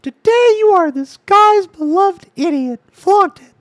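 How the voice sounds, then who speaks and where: Comic impression: piercing falsetto, overblown. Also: male voice, lively intonation, measured pace, fairly bright tone, dry recording, clean studio sound, exaggerated voice. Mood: mock-cheerful. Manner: squeaky falsetto, exaggerated. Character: shrill high-voiced impression of a friend.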